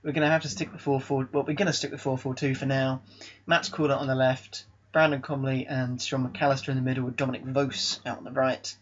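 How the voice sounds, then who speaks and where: A man giving live commentary over his own football video game session, excitable and exasperated one moment, calmly running through his team the next. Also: mid-range voice, fast talker, a little hiss or hum. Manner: excitable, exasperated, swings between disbelief and calm team talk. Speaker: gaming YouTuber. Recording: slightly dull lo-fi mic.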